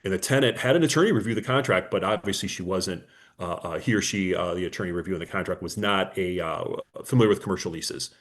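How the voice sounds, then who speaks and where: An attorney leads a conversational business webinar, telling client stories, acting out their dialogue and using lots of fillers. He speaks quickly in a voice that sits low.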